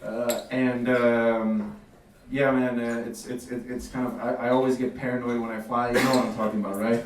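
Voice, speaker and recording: At normal speed and with little pitch movement, a medium-pitched man does a stand-up comedy set on a café stage before an audience. His delivery is laid-back, full of swearing and fillers. The recording is roomy, distant and noisy.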